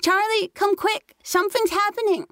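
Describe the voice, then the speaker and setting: A woman's voice: extremely high pitch, steady tone, moderate pace, pushed and bright, no echo, studio quality, voice pushed up, exaggerated voice. A woman voicing a frantic six-year-old boy who shrieks and pleads for help. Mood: panicked pleading.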